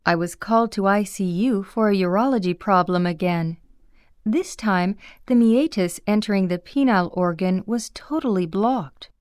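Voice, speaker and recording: A woman reading a first-person memoir aloud in a measured, plain storytelling manner. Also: medium pitch, a little mellow, clean tone, dry recording, clean studio sound. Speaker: audiobook reader.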